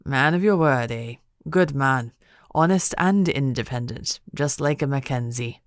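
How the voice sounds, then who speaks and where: A genial older lord, hearty and welcoming, voiced by a woman reading the book. The voice sits low and close, with no room around it. He talks with easy, booming cheer. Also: a little slow, no room sound. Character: genial older Scottish laird, hearty host.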